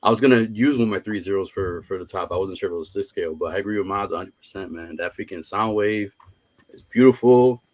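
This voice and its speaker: Casting: relaxed man, lowish voice, casual collector chat over a video call. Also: fast. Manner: easygoing, says "man" a lot. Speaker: collector, stream guest.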